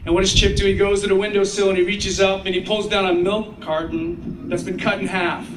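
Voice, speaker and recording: A man with a fairly high voice gives a ceremonial graduation speech, telling stories and playing out the children's parts with lively energy. He sounds distant and echoey, as if heard through a sound system across a big space, with faint noise beneath. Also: brisk. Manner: animated storyteller, acts out children's voices. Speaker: commencement speaker.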